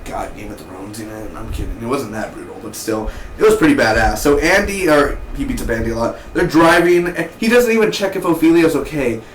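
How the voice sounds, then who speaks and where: A man giving a casual, excitable spoken TV review, full of slang and mock voices for the characters. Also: medium pitch, a little fast, few pauses, reverberant, a little hiss or hum, rough recording. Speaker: TV show reviewer.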